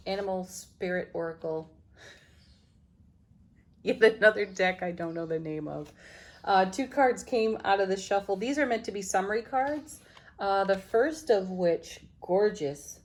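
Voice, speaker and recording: Woman, tarot reading, gentle and affirming, slow delivery. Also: mid-range voice. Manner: gentle, affirming, laughs softly between cards. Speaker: tarot reader.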